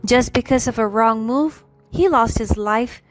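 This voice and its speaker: A woman's voice: on the high side, unhurried. A woman narrating a first-person story in a cool, matter-of-fact way over faint music.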